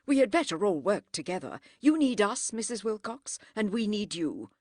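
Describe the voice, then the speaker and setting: Woman doing smug bossy doctor guy, brisk, slightly breathy read. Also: medium pitch, very animated, darkish tone, no room sound, clean studio sound, voice pushed up. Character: smug male country doctor, officious.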